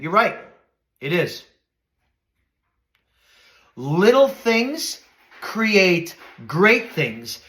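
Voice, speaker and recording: A middle-aged man hosting a motivational podcast, speaking earnestly and preacherly, dropping to soft reflective lows and rising to emphatic highs. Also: sing-song, very slow, pauses often. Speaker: podcast host.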